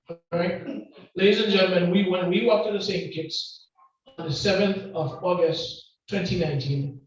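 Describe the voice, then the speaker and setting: A man with a Grenadian accent preaching a lively sermon and joking back and forth with the congregation. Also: high-pitched, normal speed. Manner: loud, call-and-response, joking with the congregation. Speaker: guest preacher. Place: church hall. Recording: distant, echoey and muffled hall recording.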